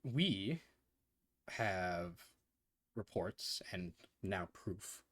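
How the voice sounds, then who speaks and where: A man's voice: deep voice, animated, drawn-out words, slightly rough, exaggerated voice. A man voicing a composed, worried queen who formally explains her husband's curse. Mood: grave, explaining.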